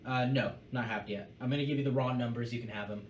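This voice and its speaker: A man as game master, calmly calling out attack rolls and damage numbers and describing the blows. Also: medium pitch, quick pace, lo-fi sound, slight background noise. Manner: methodical, calls out dice rolls and damage numbers. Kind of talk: running a tabletop game. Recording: roomy, distant mic with music behind. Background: music.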